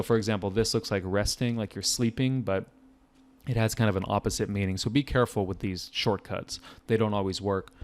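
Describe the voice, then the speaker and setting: An American man teaching a casual vocabulary lesson as a test prep tutor, chatty and relaxed with jokey asides. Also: fairly low pitch.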